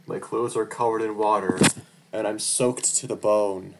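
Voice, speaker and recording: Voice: mid-range voice, measured pace, noisy background. A storyteller reading a first-person horror story aloud, with an emotional, tearful delivery and frantic outbursts. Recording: guitar music playing behind the voice.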